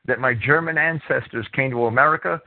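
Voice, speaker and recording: Over a tinny phone-line sound, a man with a medium-pitched voice talks fairly quickly while hosting a radio call-in show. His chat is casual, and he keeps repeating and restarting his words.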